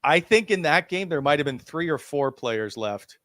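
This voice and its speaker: A man's voice: a little high, expressive, normal speed, a bit bright, dry recording. Man hosting a hockey talk show, dry sound. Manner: leads the discussion, puts questions to the panel. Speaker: sports talk show host.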